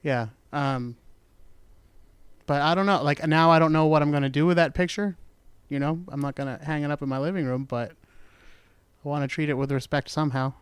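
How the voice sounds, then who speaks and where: On his casual true-crime show, a man with a fairly high, steady, clear and resonant voice speaks at a moderate pace. He wanders through the story with jokes and self-corrections, and the audio has no echo.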